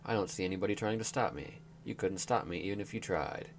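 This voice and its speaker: A man's voice: low-pitched, fast, gravelly, a little hiss or hum. A man voicing a smug male sorcerer who gloats about conquering nations, read from a game. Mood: gloating.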